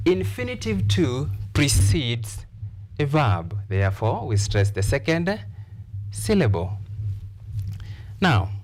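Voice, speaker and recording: A man's voice: medium pitch, wildly swooping pitch, slow, long pauses, a little mellow. A man with a Kenyan accent teaching an English lesson, repeating key phrases and stressing words emphatically. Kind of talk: classroom lesson.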